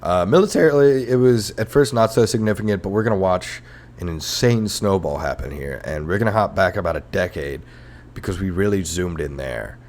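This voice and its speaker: A man's voice: deep voice, animated, a little fast, a little mellow. A man hosting a comedic history podcast, rambling and sarcastic, with frequent profane rants. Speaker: podcast host.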